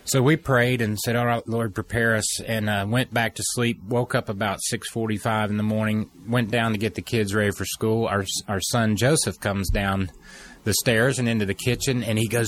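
A middle-aged man telling an earnest personal story, with halting restarts and pauses. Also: fairly low pitch, fairly even intonation. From United States. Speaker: speaker telling a personal testimony.

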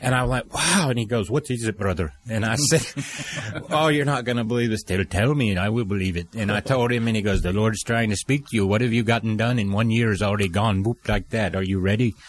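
A middle-aged man telling an emotional faith story, animated and acting out the quoted voices. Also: on the low side, fairly quick, hardly any pauses. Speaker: guest telling a testimony.

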